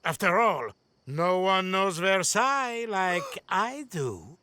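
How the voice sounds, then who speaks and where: A man's voice: high-pitched, very animated, slow pace, very noisy, heavily acted. An actor voicing a suave, ingratiating male palace valet in a cartoon. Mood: obliging. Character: smooth, overly helpful adult male palace valet. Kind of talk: cartoon voice acting.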